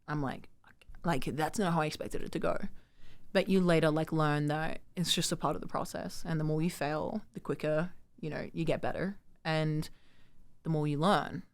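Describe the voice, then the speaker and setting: A woman, telling her story as an interview guest in an animated way, acting out quotes and using lots of fillers. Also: low voice, moderate pace. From Sydney, Australia. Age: 20s.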